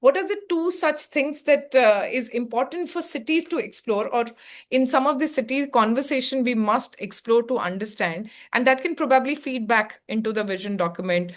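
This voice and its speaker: High-voiced Indian English moderator woman. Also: normal speed. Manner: loose phrasing with fillers like "kind of". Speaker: webinar moderator. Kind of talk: webinar panel moderation.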